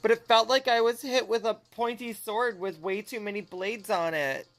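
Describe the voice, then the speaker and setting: A woman voicing a nervous young male suspect, reading his game testimony in a lowered voice. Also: normal speed, soft background music, close to an everyday voice. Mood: uneasy. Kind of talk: reading game dialogue aloud.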